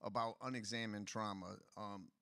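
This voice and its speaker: A man sits on a conference stage and tells his own story openly and directly. His voice sits a bit low, and he talks like a frustrated ordinary citizen, not a polished politician. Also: steady tone, moderate pace, gravelly, sharp tone, dry recording, studio quality. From Detroit, USA. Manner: candid, personal storytelling. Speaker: political candidate.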